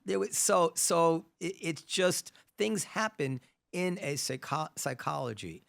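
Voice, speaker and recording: Casting note: gravelly male host, a touch high, animated, talks through his thoughts with many restarts. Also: measured pace. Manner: animated, thinks aloud with restarts. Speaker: podcast host. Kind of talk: casual conversational interview. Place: New York.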